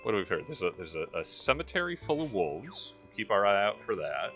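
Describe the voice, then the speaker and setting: A man's voice: on the low side, sing-song, brisk, gravelly, fairly bright tone, faint music behind. A man giving casual, wry commentary while playing a role-playing game, with rambling history asides. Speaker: let's-play host.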